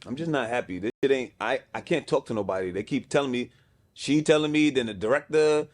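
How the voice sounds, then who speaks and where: A man's voice: medium pitch, a little fast. A man from Brooklyn with a New York accent, a podcast guest telling a story in casual slang and acting out the voices of people he quotes. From Brownsville, Brooklyn, New York. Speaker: podcast guest, music executive.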